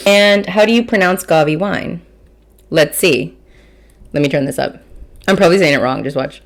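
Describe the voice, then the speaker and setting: Low-voiced chatty woman in her thirties. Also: moderate pace, pauses often. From Mission, Texas. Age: 30s. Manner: chatty, swears freely, self-mocking; eating and tasting while talking. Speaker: podcast host. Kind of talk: casual chat about food and wine.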